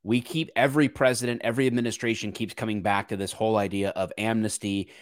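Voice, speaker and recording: A man's voice: lowish voice, steady tone, fast, dry recording, clean studio sound. A man co-hosting a podcast, talking through political issues in an earnest, searching way with frequent restarts. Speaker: podcast co-host. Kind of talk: casual political discussion.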